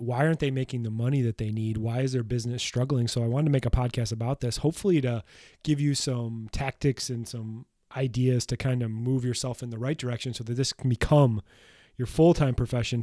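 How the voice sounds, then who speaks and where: Blunt, mellow-voiced male podcast host. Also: medium pitch, fairly even intonation, quick pace, no echo, clean studio sound. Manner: blunt, emphatic and motivational, with casual swearing. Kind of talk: solo podcast monologue.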